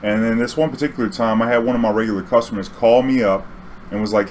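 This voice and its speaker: A man's voice: mid-range voice, fairly even intonation, quick pace, a little mellow, slight background noise, low-quality recording. A man telling a casual storytime vlog, loose and profane, full of "you know"s. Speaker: vlogger.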